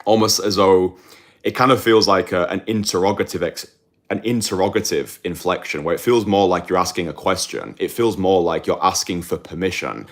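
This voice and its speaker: A man talking straight to the camera as a dating coach, blunt and emphatic, repeating phrases for effect and clearing his throat now and then. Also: deep voice, moderate pace. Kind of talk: direct-to-camera monologue.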